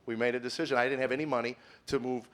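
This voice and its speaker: Middle-aged man, stand-up comic, earnest confessional delivery, halting repeats, shifts from quiet to preachy, mid pitch. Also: little pitch movement. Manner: earnest, stammers with repeated words, swings from quiet musing to emphatic preaching. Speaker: comedian. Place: stage before a live audience.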